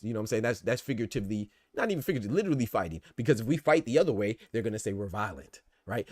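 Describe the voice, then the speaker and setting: A man hosting a podcast, riffing in casual, animated commentary full of rhetorical asides and swearing. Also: medium pitch, dry recording. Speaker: podcast host. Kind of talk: casual boxing and politics commentary.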